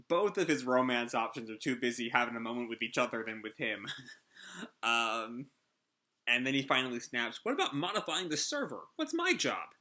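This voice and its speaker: Chatty bright-voiced man reacting to manga. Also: medium pitch. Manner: chatty, filler-heavy, enthusiastic. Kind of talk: casual live chapter reaction.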